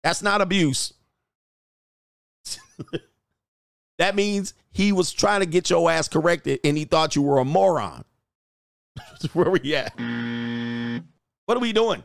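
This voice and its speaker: A man's voice: a little high, expressive, takes it slowly, creaky, long pauses, no room sound. Blunt, laughing man with a dry close voice. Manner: blunt, profane, laughs at his own points; mocking rhetorical questions. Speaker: dating coach. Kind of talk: reaction commentary.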